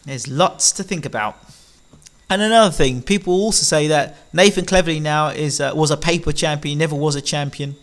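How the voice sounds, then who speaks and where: Male commentator, slightly high pitch, opinionated and animated delivery. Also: fairly quick. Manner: animated, rhetorical questions, frequent ums. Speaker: boxing commentator.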